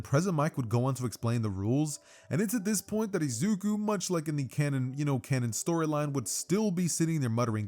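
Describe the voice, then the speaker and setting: A man's voice: medium pitch, darkish tone. A young man casually narrating a fan-fiction story for his channel, rambling with lots of fillers. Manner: loose, filler-heavy, rambling. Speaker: YouTube storyteller.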